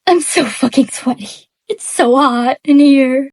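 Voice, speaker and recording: A woman's voice: high-pitched, a little mellow. A woman ranting in an unscripted vlog, angry and near tears, stammering and restarting her sentences, recorded on poor audio with an unplugged mic. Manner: angry, halting, stammering rant. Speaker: book reviewer.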